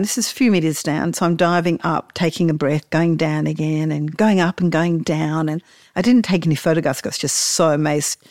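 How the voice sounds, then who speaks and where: A woman's voice: deep voice, a little mellow, no room sound, studio quality. A woman, casually telling a story about snorkelling and laughing often as she talks.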